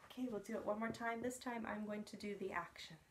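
A young woman leading parents through nursery rhymes and songs for babies, gentle and encouraging. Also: medium pitch, steady tone, quick pace, slight background noise. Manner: gentle, encouraging, sing-song. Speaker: early years program facilitator.

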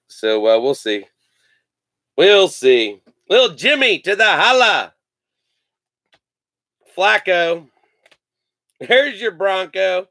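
A man hosts a live sports card break, joking, laughing and reeling off player names as he opens packs in casual chat. His voice is a little high, creaky and somewhat bright, with no room sound.

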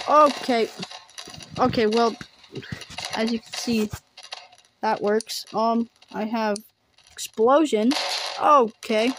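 Performing all the characters on her own, a woman spins a playful role-play story, alternating thrilled squeals with dry, deadpan remarks. Her voice sits on the high side, with slight background noise.

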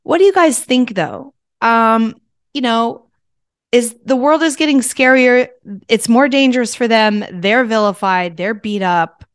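A woman hosts a casual talk show, telling a story in a candid, animated way with plenty of swearing. Her voice is smooth and clear, in a medium register. The sound is dry and close. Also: fairly high pitch, measured pace, dry recording. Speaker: podcast host. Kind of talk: casual monologue to listeners.

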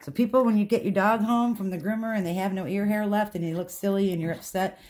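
A woman's voice: medium pitch, fairly even intonation, fast, darkish tone. Chatty woman groomer in an echoey room. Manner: chatty, reassuring, talks to the dog while explaining. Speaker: dog groomer. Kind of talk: hands-on grooming tutorial. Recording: echoey room with faint background noise.

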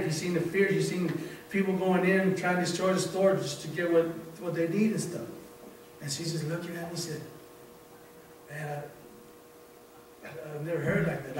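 A man giving an informal sermon as a church elder, telling a story from work with many halting restarts. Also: a little high, recorded from a distance. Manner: repetitive, halting restarts, conversational. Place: church sanctuary. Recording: very echoey room, voice off-mic, faint noise.

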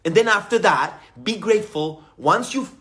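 A man gives a motivational spiritual teaching talk in a voice pitched a little high that swings freely up and down. He sounds animated and playful, and he repeats his phrases for emphasis. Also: normal speed.

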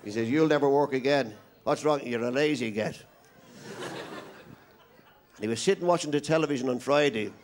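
A man's voice: mid-range voice, moderate pace, pauses often, slight background noise. An Irish man doing stand-up comedy, telling long jokes and voicing every character in them himself. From Ireland. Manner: rambling joke teller, playing all the characters himself.

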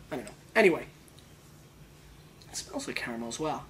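A man hosting a casual wine tasting show, excitable and playful, riffing on flavors in slangy talk. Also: medium pitch, a little fast, a little hiss or hum.

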